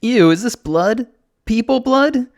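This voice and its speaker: A man's voice: lowish voice, lively intonation, normal speed, dry recording, clean studio sound, close to an everyday voice. A man doing a breezy, carefree young woman. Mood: squeamish. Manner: lighthearted, blunt. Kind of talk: audiobook character voice.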